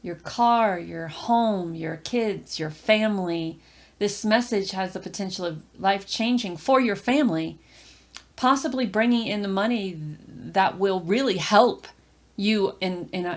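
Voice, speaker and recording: A woman giving a casual tarot reading, talking straight to the viewer with lots of fillers, restarts and repeated phrases. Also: on the low side. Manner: rambling, repeats herself, many fillers and restarts; addresses the viewer directly and encouragingly. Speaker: tarot reader.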